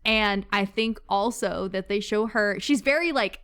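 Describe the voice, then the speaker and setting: A woman hosting a casual book club chat, bubbly and laughing often, with quick asides. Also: mid-range voice, fairly bright tone, clear, resonant tone.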